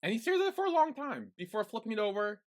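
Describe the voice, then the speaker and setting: A man's voice: sits high, sing-song, quick pace. A man co-hosting a casual podcast, retelling scenes in a chatty storytelling way. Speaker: podcast co-host. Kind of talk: casual recap chat.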